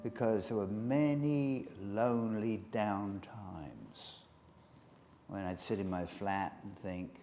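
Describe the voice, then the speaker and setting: A man's voice: fairly low pitch, takes it slowly, mellow, slight background noise. A man from London recalling his working life in a documentary interview, reflective and candid.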